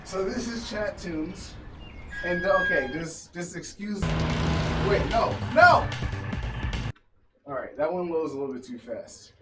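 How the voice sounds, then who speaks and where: A man's voice: sits high, moderate pace. A man hosting a casual livestream talk show, rambling, restarting sentences and giggling often. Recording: distant mic with music behind. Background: music.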